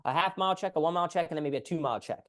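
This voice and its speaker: Male PT coach on a call, animated, acts out client lines. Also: on the high side, rapid-fire. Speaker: physical therapist coach.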